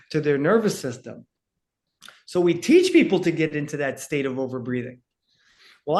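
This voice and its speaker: On a podcast, a man with a slightly high voice talks as a breathing instructor, explaining things energetically in casual chat and checking in with "right?"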